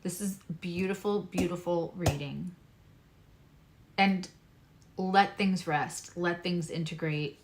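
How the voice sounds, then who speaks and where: Lowish-voiced woman doing tarot readings, from long island, chatty and emphatic, repeats herself. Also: fairly even intonation, takes it slowly, long pauses, slight background noise. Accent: neutral American, former Long Island accent dropped. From Long Island, New York. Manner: emphatic, repeats key phrases, chatty asides. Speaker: astrologer and tarot reader. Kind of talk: casual tarot reading talk.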